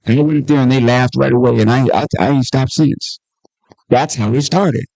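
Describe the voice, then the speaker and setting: This clip has a dry recording of a man whose mid-range voice is gravelly and moves at a moderate pace. At a book talk, the D.C.-born comedian and author spins conversational anecdotes from his own life, lively and full of impersonations of the people involved.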